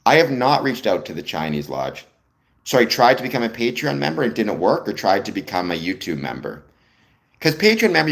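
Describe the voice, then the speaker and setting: A man from Canada, hosting a casual livestream, musing aloud and greeting viewers in chat with frequent ums. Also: lowish voice. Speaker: livestream host.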